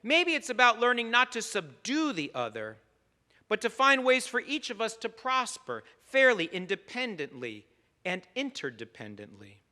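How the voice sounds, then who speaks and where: A man, a rabbi, delivering a holiday sermon in measured, emphatic phrases with long pauses. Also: extremely high pitch, huge pitch swings, bright, forceful tone. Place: synagogue sanctuary. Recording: long reverb of a large sanctuary.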